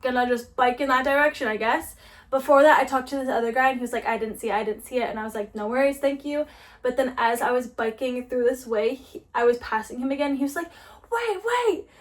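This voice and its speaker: Young woman vlogger, fairly high voice, chatty storyteller who acts out quoted voices. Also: fairly even intonation, fast talker. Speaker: lifestyle vlogger. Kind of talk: casual storytelling while cleaning.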